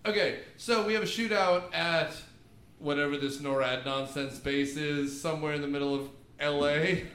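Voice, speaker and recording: A man co-hosting a casual movie podcast from his room, talking in a rambling, jokey, animated way with lots of asides. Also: fairly high pitch, normal speed, roomy sound. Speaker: podcast co-host. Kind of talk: casual movie recap chat. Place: home room with DVD shelf.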